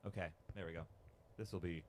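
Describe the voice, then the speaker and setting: A man's voice: deep voice, steady tone, brisk, a little mellow, slight background noise. A man streaming live in casual chat, rambling in a playful, self-deprecating way.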